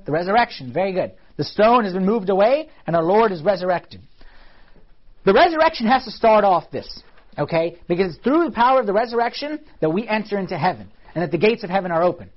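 A man with a high voice gives a relaxed church lesson to a class, checking in with quick questions as he goes. The recording sounds dull and lo-fi. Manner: conversational, asks the class questions. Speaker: church teacher. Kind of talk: casual teaching talk on liturgy.

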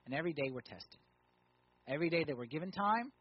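Husky-voiced preacher with twang. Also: male voice, a little high, expressive, fast, lo-fi sound. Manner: conversational preaching, rhetorical questions, swings from loud emphasis to quiet. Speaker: pastor. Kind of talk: sermon.

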